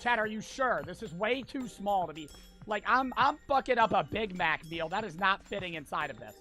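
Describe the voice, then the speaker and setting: A man's voice: high voice, expressive, normal speed, soft background music. Frantic swearing gamer guy. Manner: frantic, swearing, sudden loud outbursts. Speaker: gaming streamer. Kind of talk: frantic gameplay commentary.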